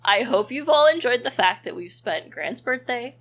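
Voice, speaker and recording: A woman's voice: fairly high pitch, lively intonation, moderate pace, fairly bright tone. A woman co-hosting a podcast in casual chat, playful and teasing. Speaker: podcast co-host.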